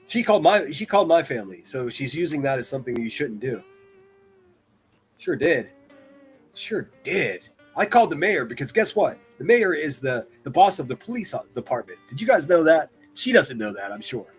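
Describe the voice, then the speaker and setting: A man hosting a livestream, reacting to clips with profane mockery, jumping from loud outbursts to muttered asides. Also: on the high side, very animated, normal speed, breathy edge, faint music behind. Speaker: livestream commentator.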